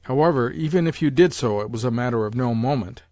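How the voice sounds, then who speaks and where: A man reading an audiobook, voicing an imperious, domineering old grandmother with a loud, sharp, commanding voice pitched above his own. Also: fast, no room sound, studio quality, close to an everyday voice.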